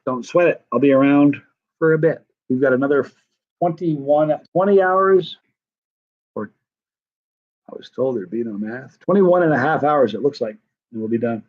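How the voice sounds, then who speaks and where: A man's voice: medium pitch, normal speed, a little mellow, lo-fi sound. A middle-aged man hosting a hot-pepper challenge live stream, chatting casually and rambling through comments with lots of restarts.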